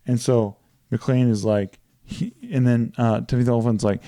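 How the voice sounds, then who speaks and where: A podcast co-host recaps movie plots in a loose, casual chat, swearing freely and bringing lively energy to the retelling. His mellow, dark voice sits at an ordinary middle pitch, unhurried and smooth. The recording is dry and close with no echo.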